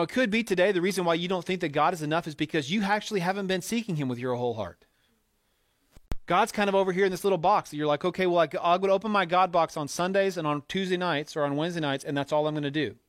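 A pastor preaching a conversational, emphatic sermon, often acting out quotes as asides to the congregation. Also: male voice, a little high, no room sound, studio quality.

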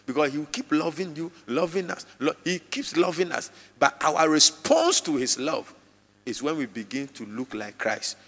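Emphatic preacher in a reverberant hall. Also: male voice, animated, normal speed. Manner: emphatic, with sudden swings in pitch and loudness; repeats phrases for emphasis. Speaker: pastor. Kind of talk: live sermon. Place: church hall with congregation. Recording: long reverb of a large church hall.

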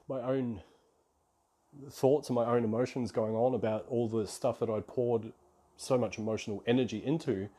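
A man's voice: mid-range voice, warm tone, breathy edge. A man hosting a podcast, telling a rambling, self-reflective story in a casual solo monologue. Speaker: podcast host.

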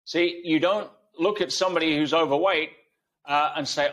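Man, kinda high voice, talks emphatic, lots of analogies and questions. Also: fairly quick, a bit bright. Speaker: guest speaker. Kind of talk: conversational interview.

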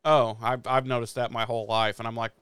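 A man from the American Midwest chats through a TV episode, jumping into the characters' lines as he goes. His voice is smooth and resonant at a middle pitch. The recording is dry, with no room echo. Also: brisk. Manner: animated retelling with profanity and acted-out quotes. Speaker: podcast co-host. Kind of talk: casual episode recap chat.

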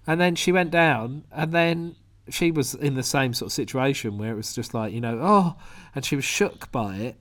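A man's voice: mid-range voice, normal speed, fairly bright tone. A man co-hosting a podcast, telling a story in a chatty way and laughing along with his co-host. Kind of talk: casual chat.

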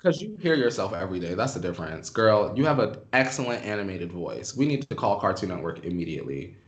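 A woman's voice: a bass voice, very animated, quick pace. A woman co-hosting a podcast in sassy, emphatic casual chat, calling her friend "girl" again and again. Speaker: podcast co-host.

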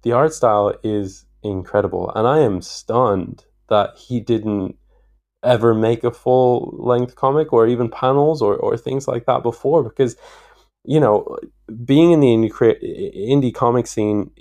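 A man's voice: medium pitch, unhurried, a little mellow. A man hosting a podcast, working through long, reflective thoughts with enthusiasm. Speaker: podcast host. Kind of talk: podcast interview.

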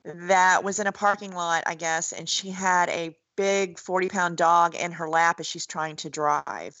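Woman co-host, blunt and chatty, bright tense tone, lowish voice, dry close mic. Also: steady tone, unhurried, dry recording, low-quality recording. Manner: blunt, chatty, retells scenes with quoted voices. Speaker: podcast co-host. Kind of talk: casual chat recapping a TV show.

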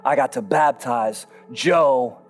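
A man, a pastor telling a self-deprecating story in a sermon, moving from soft asides to shouted high points. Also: takes it slowly, over music.

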